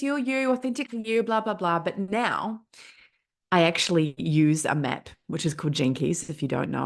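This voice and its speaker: Host, female, 30s, New Zealand accent, lowish pitch, emphatic repetitive motivational monologue with casual swearing. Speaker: podcast host.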